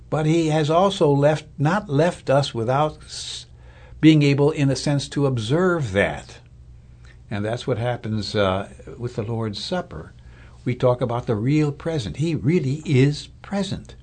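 Guy preaching, kinda husky voice, talks it through casual with lots of uhs. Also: mid-range voice, animated, a little slow, a little mellow. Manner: conversational, thoughtful with fillers and restarts. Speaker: Lutheran pastor or Bible teacher. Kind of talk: sermon.

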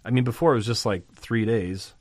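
A man's voice: medium pitch, a little fast, a little mellow, no room sound. A man preaching a sermon, reading scripture aloud and commenting on it in a conversational way. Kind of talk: sermon on a Bible passage.

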